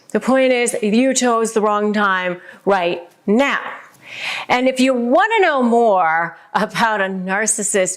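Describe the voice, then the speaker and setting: A woman hosting a casual advice video who talks to camera in a conversational way, with many fillers. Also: mid-range voice. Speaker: host giving relationship advice.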